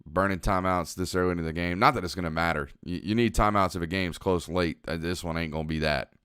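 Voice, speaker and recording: A young man, giving relaxed, analytical commentary on a football game as he watches and answers chat on a live stream. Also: low-pitched, quick pace, smooth, no room sound, clean studio sound.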